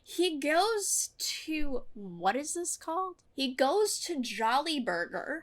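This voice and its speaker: A young woman with a slightly high voice talks through a TV episode she has just watched. She gushes, swears freely and laughs a lot, in a loose, chatty way. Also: sing-song, takes it slowly. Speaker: TV reaction YouTuber. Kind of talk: casual episode recap and review.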